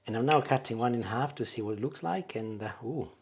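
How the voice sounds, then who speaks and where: A man with a medium-pitched voice hosts a home cooking demonstration, speaking in a friendly, meandering way with plenty of hesitations. His kitchen sounds faintly in the background, with a pan frying quietly. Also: lively intonation, a little fast, slight background noise. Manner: warm, chatty, hesitant with frequent "uh" fillers. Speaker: cooking show host. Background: food sizzling in a frying pan.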